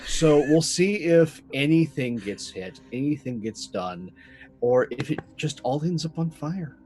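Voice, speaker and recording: A man's voice: fairly high pitch, expressive, a little slow, a little mellow. Upbeat man over faint music. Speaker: player. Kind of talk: casual chat introducing himself.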